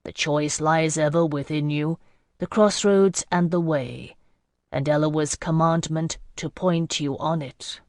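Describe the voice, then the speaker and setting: A woman voicing a gentle older male temple priest in an audiobook, speaking slowly and solemnly. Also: low-pitched, fairly even intonation, no room sound, studio quality.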